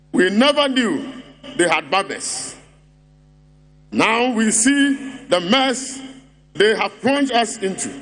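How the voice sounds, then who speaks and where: Man, Ghanaian English accent, high-pitched, mocking rally speech, repetitive rhetoric. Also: a bit bright. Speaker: political speaker at party congress.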